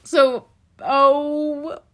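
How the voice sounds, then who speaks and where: A young woman with a fairly high voice tells a storytime vlog straight to her viewers. She talks dramatically, cringing, exclaiming and laughing as she goes, and swears freely. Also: flat delivery, drawn-out words. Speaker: vlogger telling a story.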